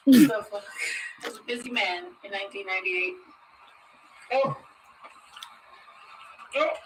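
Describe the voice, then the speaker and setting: A woman's voice: a little high, normal speed, long pauses. A young woman chatting playfully with friends at home, laughing often as she jokes. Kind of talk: casual chat among friends. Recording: noisy background.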